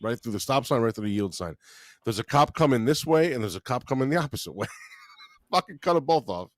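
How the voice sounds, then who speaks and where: A man's voice: mid-range voice, a little fast, no echo. Swearing New man telling a story. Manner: animated storyteller, swears freely, laughs mid-story. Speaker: podcast co-host. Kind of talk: casual comedy storytelling.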